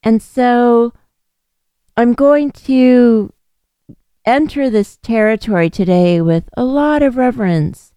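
A middle-aged woman hosting a podcast, speaking in a gentle, earnest and reassuring way in a reflective solo talk. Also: fairly high pitch, slow pace, clean tone, no room sound. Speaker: podcast host.

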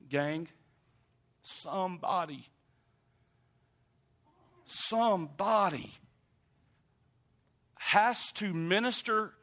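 A man preaching a sermon, emphatic and animated, speaking straight to the congregation. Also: sits high. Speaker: pastor.

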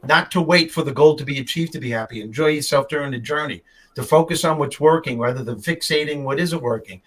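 A man's voice: on the high side, a bit bright, breathy edge, rough recording. An older man hosting a show, telling stories in an emphatic, heartfelt way. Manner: storytelling, emphatic. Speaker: host. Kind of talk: casual chat.

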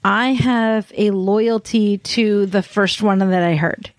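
A woman's voice: medium pitch, fairly even intonation, slow, dry recording. A woman in casual podcast chat, thinking aloud about her next game character with some hesitation. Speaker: tabletop game player on a podcast.

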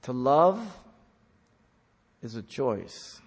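A man's voice: mid-range voice, lively intonation, very slow, in a large hall. A man preaching an earnest sermon, speaking as a pastor who repeats key points for emphasis.

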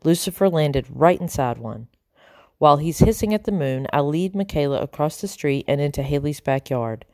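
A woman narrating a children's storybook in a calm, even reading voice. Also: low voice, normal speed, no echo, clean studio sound. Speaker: audiobook narrator.

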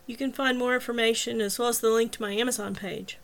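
A woman's voice: fairly high pitch, steady tone, fast talker, hardly any pauses. A woman author reading her own novel aloud in first person, telling the story steadily. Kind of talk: first-person audiobook narration.

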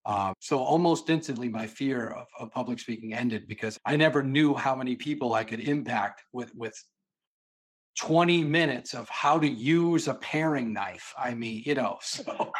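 A man from Boston, a sales consultant and podcast guest, who tells stories in an animated way and acts out the voices in them. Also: mid-range voice, moderate pace, slightly rough. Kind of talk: storytelling in a podcast interview.

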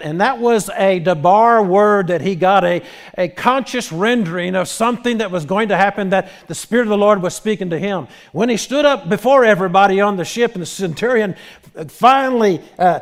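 A man with a high voice preaches a sermon. He talks in an animated way, acts out quoted speech and often restarts his sentences. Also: normal speed. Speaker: pastor.

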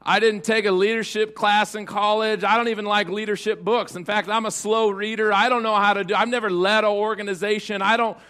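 A man's voice: high voice, little pitch movement, a little fast, few pauses, sharp tone. A young man preaching a sermon in a casual, conversational way, acting out bits of dialogue. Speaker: pastor.

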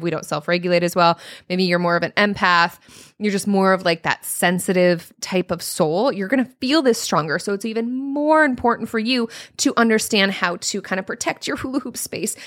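A woman in her thirties hosting a solo coaching podcast, talking casually and profanely, with high-pitched mock voices when she quotes people. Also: fairly bright tone, dry recording, studio quality.

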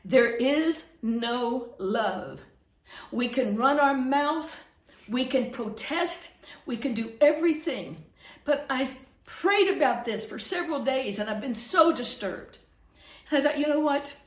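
A middle-aged woman pastor preaching fervently, swinging from loud scolding to hushed earnestness. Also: high voice, echoey room. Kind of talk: preaching to camera.

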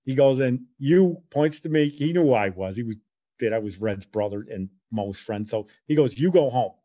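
A middle-aged man telling a childhood story in a casual, animated way, acting out the voices he quotes. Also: medium pitch, normal speed, no echo.

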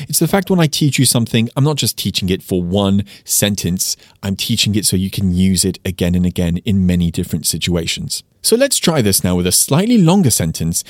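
A man hosting a casual lesson podcast, explaining phrases and saying examples slowly and clearly. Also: lowish voice, no room sound, clean studio sound. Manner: lively, explains with slowed-down French examples. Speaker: French teacher, podcast host.

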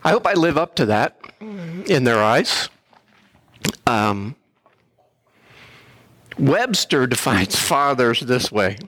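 Older man, sermon, slow unhurried delivery, earnest, clears throat often, dry close sound. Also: mid-range voice, very animated, a bit bright, no echo. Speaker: guest speaker, missionary pastor. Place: church.

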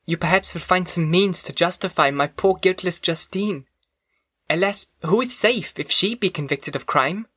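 A man's voice: sits high, moderate pace, fairly bright tone, dry recording, studio quality, voice pushed up. A man voicing an earnest, grieving young woman in an audiobook reading, her lines pleading and emotional.

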